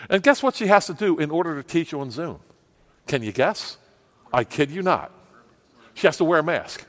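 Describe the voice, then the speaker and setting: Fired-up pastor guy, fairly high voice, goes from shouting to near whispers, long echo in a church hall. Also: expressive, moderate pace. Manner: impassioned, swinging from loud outbursts to hushed asides. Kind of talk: sermon.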